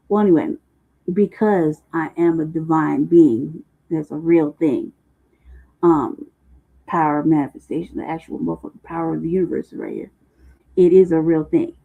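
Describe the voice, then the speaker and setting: Stream host rambling casual, swears a lot, gravelly voice, sounds like it's coming thru a phone. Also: mid-range voice. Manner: profane, loose, laughing slang talk. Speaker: livestream host. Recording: muffled phone-like livestream audio.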